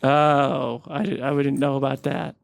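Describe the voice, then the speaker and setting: Brief: gravelly, slightly high deadpan co-host, dry close mic. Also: male voice, measured pace, dry recording. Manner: deadpan, goofy bits of mock-British voices. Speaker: podcast co-host. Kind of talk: casual comedic chat.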